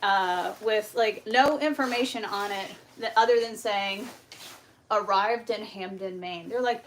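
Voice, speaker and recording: A young woman hosting a homestead livestream, telling a story in a casual, animated way, swearing and acting out the exchanges. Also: on the high side, measured pace, slight background noise. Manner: animated, profane, acts out quoted exchanges. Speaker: homestead channel host.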